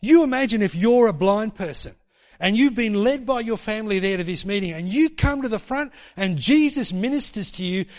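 A man preaching a sermon in a church hall, animated and mocking as he acts out quotes in put-on voices. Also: sits high. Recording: long hall reverb.

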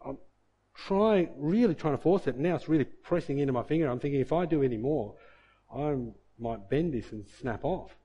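A man's voice: lively intonation, normal speed, dark tone, husky, muffled recording. A middle-aged man preaching a sermon and telling a story from his own life, acting out his own muttering to himself along the way. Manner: storytelling, acts out his own inner grumbling in a low mutter. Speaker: pastor.

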